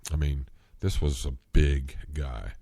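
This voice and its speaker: Male podcast host, deep voice, dry close mic, slow earnest monologue. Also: steady tone, mellow, husky, no room sound. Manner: slow, rambling, earnest, rising in pitch when worked up. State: coughing, clearing throat. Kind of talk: solo commentary podcast.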